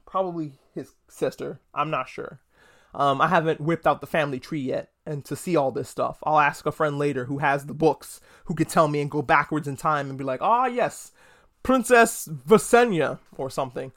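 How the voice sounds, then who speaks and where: A man's voice: a little high, fairly even intonation, brisk, a bit bright. A man hosting a podcast, giving a casual, rambling solo review full of swearing and jokey asides. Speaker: podcast host reviewing a TV episode.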